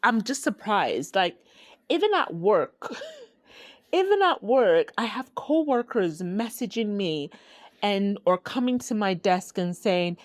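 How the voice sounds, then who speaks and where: A woman from Ghana hosting her own podcast, talking in a slow, heartfelt, reflective way. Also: mid-range voice, sing-song, no echo, clean studio sound. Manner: slow, heartfelt, with sighs and laughs. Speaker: podcast host. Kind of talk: reflective solo podcast talk.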